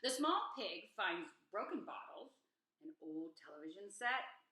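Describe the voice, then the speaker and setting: A woman teacher reading a picture book aloud at an unhurried pace, asking the children gentle questions along the way. Her voice is bright and rises and falls with life. It sounds like an echoey room at home. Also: mid-range voice, sing-song. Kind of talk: children's storybook read-aloud.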